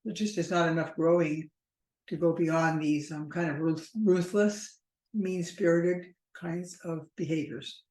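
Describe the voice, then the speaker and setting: A woman relationship therapist explaining in a measured, thoughtful way, slowing down at times and restarting her phrases. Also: lowish voice, steady tone, a little mellow, reverberant, poor audio. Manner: measured and thoughtful, slow stretches with frequent restarts and fillers. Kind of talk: explanatory talk to camera.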